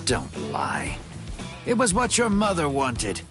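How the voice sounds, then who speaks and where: A man's voice: mid-range voice, wildly swooping pitch, takes it slowly, music in the background. An actor playing a cocky, easygoing young male swordsman in a video game, teasing his friend.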